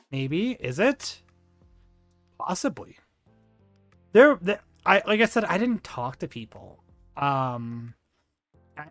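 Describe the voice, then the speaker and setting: Rambling, slightly high-voiced male streamer. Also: fairly bright tone, no room sound. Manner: rambling and gushing, many fillers and restarts; slangy, says dude and bro. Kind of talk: casual chat on a livestream.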